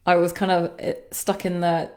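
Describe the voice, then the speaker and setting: A woman who works as a sound healer and coach, giving a livestreamed guided self-reflection in a musing, halting way with sighs and laughs. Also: lowish voice, little pitch movement, darkish tone.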